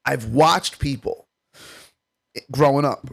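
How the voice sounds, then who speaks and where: A man's voice: mid-range voice, creaky, slightly rough. A man from Staten Island, a comedian guest telling stories in casual, profane chat. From Staten Island, New York. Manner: profane, rapid storytelling.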